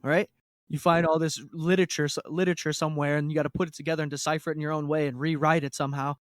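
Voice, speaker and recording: A man's voice: a little high, level tone, no echo, clean studio sound. A man co-hosting a podcast, riffing on jokey tangents in casual chat. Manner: quick, jokey, riffs on tangents. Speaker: podcast co-host.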